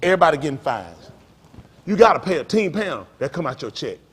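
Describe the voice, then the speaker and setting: A man with a notably high voice preaches loosely to a live audience as a pastor. He acts out scenes with big swoops in his delivery and laughs often. His talk is blunt and ranting. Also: very animated, fairly quick, breathy edge.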